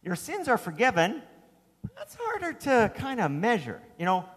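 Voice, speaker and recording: A man delivers a sermon in a conversational storytelling way, with asides to his listeners. His voice sits high and swings widely in pitch. The sound carries a long reverb, as from a church hall. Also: big pitch swings, a little slow, long pauses, fairly bright tone. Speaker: preacher.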